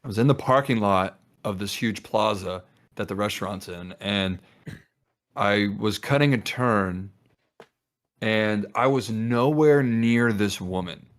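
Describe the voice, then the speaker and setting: A young man with a fairly low voice tells a long story on a podcast with his friends. He rambles, restarts his sentences, and acts out the voices of the people in it. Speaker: podcast co-host. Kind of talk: casual storytelling among friends.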